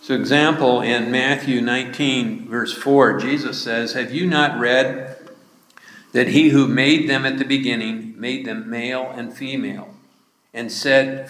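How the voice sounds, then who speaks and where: A male pastor preaching a sermon in a slow, deliberate way, with emphatic rises in his voice. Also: medium pitch, fairly bright tone. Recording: echoey hall.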